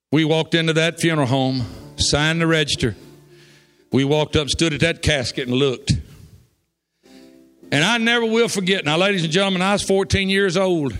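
A man preaching, telling a folksy story that builds to shouts of praise. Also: a little high. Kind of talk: sermon storytelling. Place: church.

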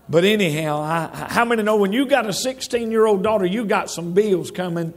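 Preacher guy, middle-aged, high pitched, rambly folksy sermon talk w lots of restarts. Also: fairly quick, hardly any pauses. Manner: folksy and rambling, with many restarts and asides to the congregation. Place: church sanctuary.

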